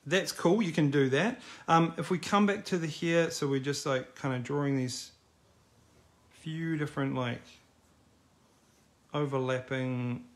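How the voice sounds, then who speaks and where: A man's voice: mid-range voice, creaky. A middle-aged man teaching a live online drawing class in a casual, encouraging, chatty way. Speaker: art teacher.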